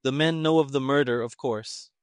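A man voicing an irritable, sarcastic male army colonel who speaks gruffly and emphatically. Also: medium pitch, normal speed, dry recording, clean studio sound, voice pushed up, close to an everyday voice.

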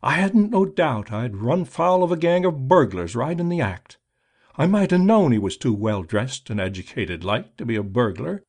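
A man voicing a slow-witted, nervous male night watchman who mutters in rough, ungrammatical speech. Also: mid-range voice, darkish tone.

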